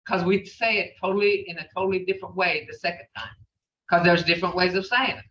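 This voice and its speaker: A woman's voice: fairly low pitch, steady tone, fast talker, a bit bright, far from the mic, slight background noise. A woman teaching a language class, patiently repeating phrases as she explains them. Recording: muffled, roomy, from off mic.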